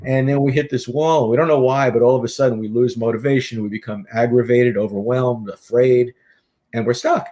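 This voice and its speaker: A middle-aged man, a guest author and speaker, telling stories in an animated, casual interview. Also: medium pitch, fairly quick. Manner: animated anecdotal storyteller.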